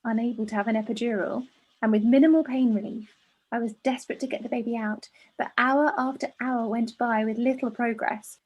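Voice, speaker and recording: Husky chatty woman host. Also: fairly high pitch, fairly even intonation, fairly quick, lo-fi sound. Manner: warm, laughing often, chatty. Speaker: podcast co-host. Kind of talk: casual chat, reading a listener letter aloud.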